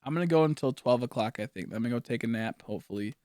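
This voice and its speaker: A man's voice: mid-range voice, very fast, a little mellow, no echo, studio quality. A young man chatting casually while streaming a game, rambling with mumbled asides and lots of fillers. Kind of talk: casual live-stream chat while gaming.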